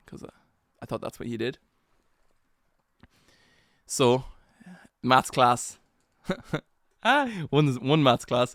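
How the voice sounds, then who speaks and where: A young man hosts a solo podcast in a medium-pitched, fairly bright voice, recorded in a clean studio with no room sound. He tells a story in a rambling, self-mocking way, packed with slang and fillers.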